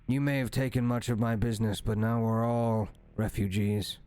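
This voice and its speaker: A blunt, gruff lizard folk hunter who speaks in short, clipped sentences, as a man puts him on. His voice sits a little low. The lines come from a tabletop fantasy game. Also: level tone, normal speed, darkish tone, no echo, lightly acted.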